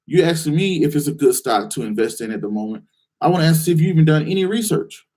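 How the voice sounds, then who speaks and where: Guy running a live stock call-in show, kinda high voice, keeps firing questions back at callers. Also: fast talker. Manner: direct, challenging, rhetorical questions; animated, acts out excited investors in a higher voice. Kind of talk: live call-in Q&A, coaching viewers.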